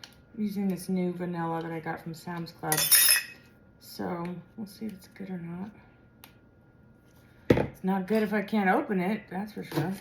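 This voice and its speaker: A woman's voice: lowish voice, steady tone, a little slow, vocal fry, pauses often, heavy background noise. Woman home cook, General American accent, chatty and rambling; echoey kitchen, clattering dishes behind. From Midwestern or Western United States. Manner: chatty and rambling, thinking aloud while cooking. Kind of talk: casual cooking vlog.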